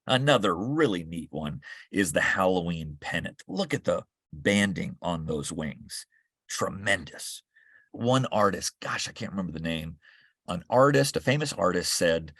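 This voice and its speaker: A man's voice: low-pitched, animated, a little slow, fairly bright tone, husky, no echo. A man giving an enthusiastic, conversational slide talk to a club meeting. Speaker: naturalist speaker.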